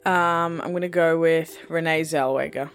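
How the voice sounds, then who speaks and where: A woman's voice: low-pitched, steady tone, normal speed, soft background music. A woman co-hosting a casual podcast, answering quiz questions with short, unsure replies and frequent laughs. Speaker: podcast co-host and quiz contestant.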